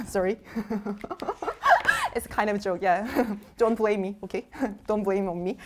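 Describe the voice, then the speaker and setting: A woman's voice: medium pitch, lively intonation, takes it slowly, a bit bright. A young woman hosting a live quiz show, bubbly and playful, laughing often between clues.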